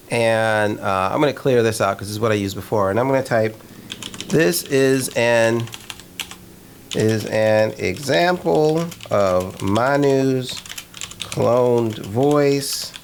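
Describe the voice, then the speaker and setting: A man hosting a filmmaking channel, giving a candid, opinionated, conversational review of software. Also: medium pitch, gravelly. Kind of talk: casual tech review talk.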